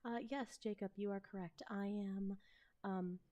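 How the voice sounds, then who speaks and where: A woman with a Midwestern American accent, chatting casually and hesitantly on a live stream, now and then slipping into soft whispers. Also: medium pitch, steady tone, a little slow. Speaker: ASMR role-play streamer.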